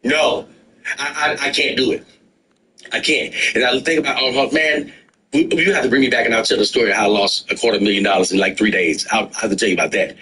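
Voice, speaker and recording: A bright-voiced middle-aged man spins a loose, profane story in casual podcast talk. He jumps into his old lines as he tells them, keeping things lively. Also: medium pitch, brisk, a little hiss or hum. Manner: animated and profane, acting out his own past lines. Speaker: guest storyteller.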